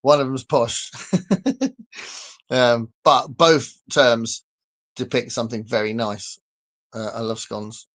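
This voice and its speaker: A man's voice: mid-range voice, fairly even intonation, takes it slowly, long pauses, a bit bright. A man with a southern English accent chatting casually on a live stream, rambling loosely and reading out viewer comments. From southern England. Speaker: livestream host reading comments. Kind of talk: casual chat.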